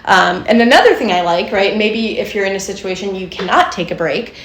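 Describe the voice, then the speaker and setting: A woman's voice: medium pitch, a little fast, reverberant. A woman co-hosting a podcast as a therapist, talking casually and explaining with lots of "like" and "right?". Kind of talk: casual chat.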